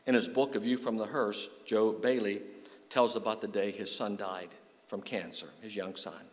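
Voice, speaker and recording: A man's voice: on the low side, normal speed. A male pastor delivering a sermon, telling a story and then rising to a fervent call-and-response with his congregation. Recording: long hall reverb.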